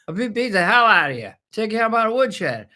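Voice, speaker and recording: A man's voice: big pitch swings, brisk, bright, forceful tone, heavily acted. A man impersonating a blustering, rambling elderly politician in a raised, strained voice. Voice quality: high, strained, wandering speech.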